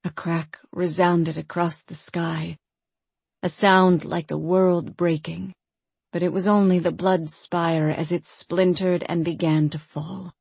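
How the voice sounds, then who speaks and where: A woman narrates a fantasy audiobook at a slow, deliberate pace. Her voice sits a little low, and the recording is close and dry with no room sound. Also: little pitch movement, creaky, a little mellow, husky, no room sound. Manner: measured, unhurried storytelling.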